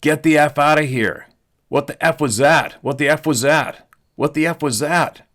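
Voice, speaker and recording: A man voicing a terrified hunting buddy who screams in panic, shouting and pleading to go home. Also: fairly high pitch, normal speed, pitched above the performer's own voice, close to an everyday voice. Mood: screaming panic.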